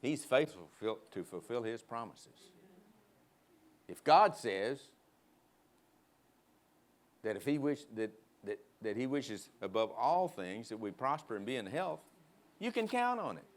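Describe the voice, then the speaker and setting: A man preaching a sermon in a church, emphatic, leading the congregation in call-and-response and prodding them with quick asides. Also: on the low side, expressive. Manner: emphatic, prods the crowd with "huh?". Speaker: guest preacher. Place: church sanctuary.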